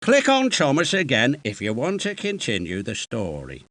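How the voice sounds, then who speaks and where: A man's voice: mid-range voice, huge pitch swings, moderate pace, a bit bright, no room sound. A man from the UK giving patient, encouraging instructions as narrator of a children's game, recorded in a studio. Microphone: close studio mic.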